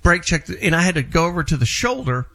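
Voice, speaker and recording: A man's voice: a little high, quick pace, creaky. A man with a Southern US accent hosting a casual morning radio show, telling stories and joking with callers. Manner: animated storyteller, joking with callers.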